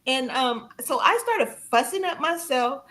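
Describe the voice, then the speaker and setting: Unhurried yet animated, a woman on a podcast tells a personal story as a guest. She laughs a lot, and her voice climbs high each time she quotes herself.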